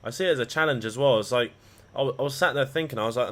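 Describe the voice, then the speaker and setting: A man's voice: medium pitch, rapid-fire, a bit bright. A man chatting casually on a livestream, rambling and swearing freely as he talks to his viewers. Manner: rambling, profane banter. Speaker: live trading streamer.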